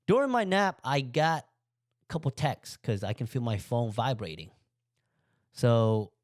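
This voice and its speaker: A man hosting a podcast, casually telling a personal story and acting out his own thoughts with sudden jumps in pitch. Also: darkish tone, clear, resonant tone, dry recording, studio quality. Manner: plain, conversational English with loose grammar. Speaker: podcast host. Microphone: podcast microphone.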